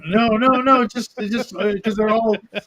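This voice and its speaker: A man's voice: high-pitched, fairly even intonation, moderate pace, crowd noise. A man in casual podcast chat who stammers and repeats words while making his point. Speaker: podcast co-host.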